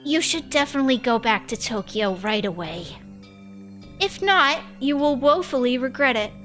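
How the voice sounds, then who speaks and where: A woman voicing an eerie little girl who has turned cold and ominous, speaking in a measured, indifferent way. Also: high voice, lively intonation, a bit bright, faint music behind. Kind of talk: voicing a visual novel character.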